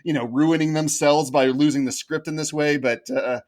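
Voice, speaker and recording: A man's voice: on the high side, fairly even intonation, moderate pace, a little mellow. A man on a podcast panel, chatting casually in a giggly, apologetic way.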